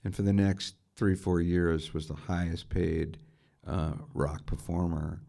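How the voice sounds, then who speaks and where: Deep, gravelly middle-aged man telling stories. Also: steady tone, unhurried, mellow. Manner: enthusiastic anecdotes, full of rhetorical questions. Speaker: interview guest, guitarist and music writer. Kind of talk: storytelling in a conversational interview.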